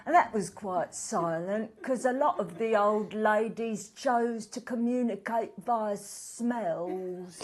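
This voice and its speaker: A woman doing a self-dramatizing middle-aged activist, earnest and rambling, as a comedy character. Her voice sits fairly high, and she drags her words out slowly. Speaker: guest in a comedy sketch.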